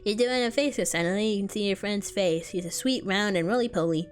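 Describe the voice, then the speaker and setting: A young woman streamer reading a visual novel aloud with quick, profane, self-deprecating banter. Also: medium pitch, soft background music.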